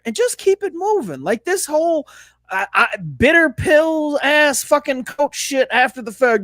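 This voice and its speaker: High-pitched man, dry recording, casual sports rant, cursing freely. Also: huge pitch swings, measured pace, a bit bright, dry recording. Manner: profane, fired-up, laughing. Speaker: podcast co-host.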